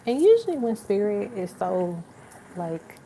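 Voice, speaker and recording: A woman's voice: medium pitch, sing-song, measured pace, gravelly, background noise. A young adult woman giving a live tarot reading, talking in a casual, chatty way with lots of fillers and laughs. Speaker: tarot reader.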